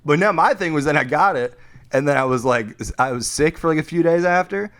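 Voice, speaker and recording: A man's voice: a little high, brisk, a bit bright. A young man co-hosting a comedy podcast, rambling with lots of fillers and laughing through his lines. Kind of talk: casual comedic banter.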